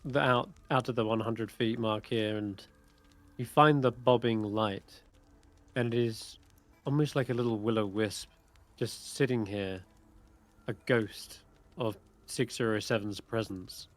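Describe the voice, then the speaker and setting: A man's voice: medium pitch, steady tone, measured pace. Man narrating as game master.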